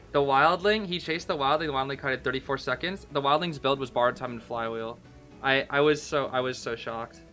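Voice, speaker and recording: Excitable bright-voiced young man. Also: mid-range voice. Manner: excitable, repeats words, calls listeners bro. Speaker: game streamer. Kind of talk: casual gameplay recap, answering chat.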